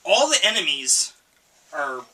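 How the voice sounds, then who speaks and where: A man casually reviewing a video game with a co-host, halting and repeating his words, coughing now and then. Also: fairly high pitch, big pitch swings, pushed and bright. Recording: voice from far off the mic.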